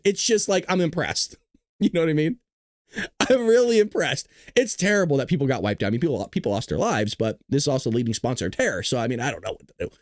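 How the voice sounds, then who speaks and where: A man's voice: high-pitched, darkish tone, no room sound, clean studio sound. A man hosting a casual live political commentary stream, talking sarcastically, laughing often and teasing his chat. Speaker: host of a political commentary livestream.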